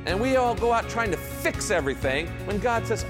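A man's voice: sits high, brisk, hardly any pauses, music in the background. An older man preaching a sermon as a pastor, telling stories and acting out quoted voices along the way. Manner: animated storytelling with quoted voices.

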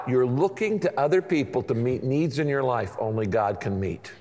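A man's voice: on the high side, a little mellow. A middle-aged man preaching a sermon to a congregation in a conversational way, now and then acting out little asides in other people's voices. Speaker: pastor. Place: large church auditorium. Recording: long hall reverb.

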